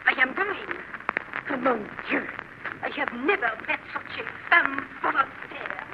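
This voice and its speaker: A woman's voice: high-pitched, unhurried, vocal fry, highs cut off. An actress playing a prim, indignant French lady's maid with a French accent, in 1940s radio acting. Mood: offended. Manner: indignant, fussy, formal phrasing. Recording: hissy old radio broadcast.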